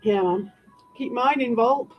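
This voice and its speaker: A woman's voice: on the high side, measured pace, soft background music. Defensive, rambling British woman streamer. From Britain. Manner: defensive, rambling, sarcastic asides. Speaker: livestreamer answering chat. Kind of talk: casual livestream chat. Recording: dull lo-fi sound.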